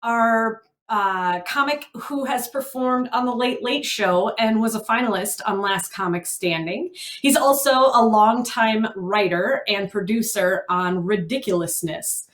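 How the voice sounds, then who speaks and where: A woman hosting a showcase who introduces the next act in a halting way, with many fillers. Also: medium pitch. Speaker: showcase host. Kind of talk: introducing acts.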